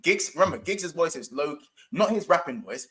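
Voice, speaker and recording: A man's voice: fairly high pitch, animated, moderate pace, fairly bright tone. A young man, chatting casually and jokily about football on a stream, full of slang and fillers. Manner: slangy, lots of fillers, jokey. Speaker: football channel host.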